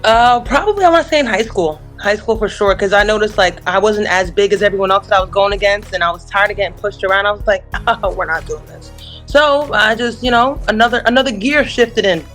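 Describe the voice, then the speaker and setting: A woman's voice: mid-range voice, fast talker, few pauses, faint music behind. A young woman, a basketball coach from Long Island, chatting easily in an interview. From Long Island, New York. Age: young adult. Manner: chatty, relaxed, laughs easily. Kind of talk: casual interview.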